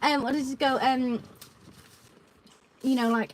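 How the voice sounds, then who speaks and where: A chatty woman co-host who tells stories with plenty of asides. Her voice sits quite high. Faint noise hums under the recording. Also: fairly even intonation, measured pace, long pauses, a bit bright, rough recording. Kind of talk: casual chat.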